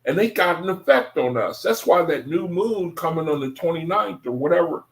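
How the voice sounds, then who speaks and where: A man's voice: on the high side, lively intonation, moderate pace, reverberant. A man giving an informal Bible study talk in a loose, conversational way, often circling back and repeating himself. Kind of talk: informal scripture teaching monologue.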